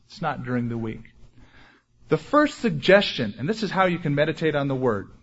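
A male pastor preaching with a fairly high, husky voice and earnest emphasis. He draws out key words slowly and pushes up in pitch and force when asking questions. The recording sounds dull and lo-fi. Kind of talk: sermon.

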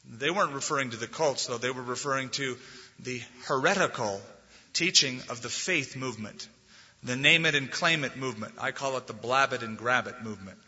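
A man pastor delivering a sermon, telling stories with animated delivery and rising loudly when quoting scripture. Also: mid-range voice, a little fast, breathy edge. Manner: animated storytelling, swelling loud on scripture quotes. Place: church sanctuary. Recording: dull lo-fi recording in a reverberant hall.

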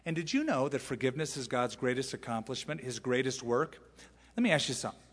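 Speaking quickly and with animation, a man of medium pitch preaches an expository sermon full of emphasis, rhetorical questions and asides. He's a pastor addressing a large church sanctuary, where the sound rings with long hall reverb.

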